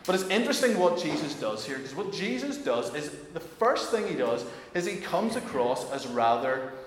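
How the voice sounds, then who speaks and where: Male preacher, excitable, lots of restarts, very echoey hall, long reverb, faint room noise. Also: fairly high pitch, moderate pace. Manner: animated, many restarts, acts out quoted voices. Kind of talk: sermon.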